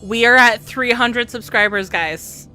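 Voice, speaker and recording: A woman's voice: fairly high pitch, measured pace, pushed and bright, smooth. A woman streaming a video game, chatting casually to her viewers and to herself as she plays. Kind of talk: casual let's-play commentary. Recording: game music under the voice. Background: game music and sounds.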